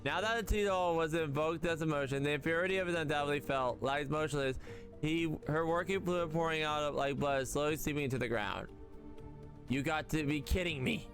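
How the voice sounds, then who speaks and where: A man's voice: fairly high pitch, a little fast. A man streaming a game, reading its dialogue and narration aloud with frequent stumbles and self-corrections. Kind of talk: casual reaction stream, reading text aloud. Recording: faint music underneath.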